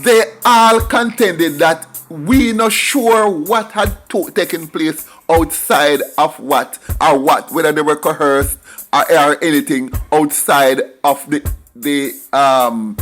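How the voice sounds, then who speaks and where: A man's voice: on the high side, slow, a bit bright, soft background music. A middle-aged man with a Jamaican accent tells a story in an emphatic monologue, slipping into patois for asides. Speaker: commentator.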